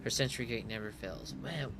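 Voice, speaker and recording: A man's voice: mid-range voice, a little fast, background noise. A man doing casual gameplay commentary, reading subtitles aloud, giggly and self-mocking. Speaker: gaming streamer.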